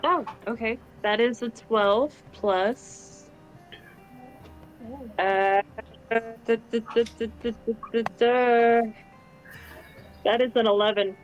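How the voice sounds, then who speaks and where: A woman's voice: on the high side, steady tone, slow, pauses often, highs cut off, soft background music. Chatty woman player. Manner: chatty, describing her actions. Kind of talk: casual tabletop play.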